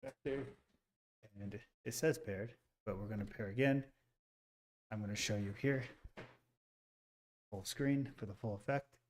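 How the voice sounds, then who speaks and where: A man on a live stream, chatting casually to viewers as he sets up a small robot, getting excited and talking through every step. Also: on the low side, a little slow, long pauses, a little hiss or hum. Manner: excitable, talks to viewers while fiddling with a robot. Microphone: computer mic, second mic added.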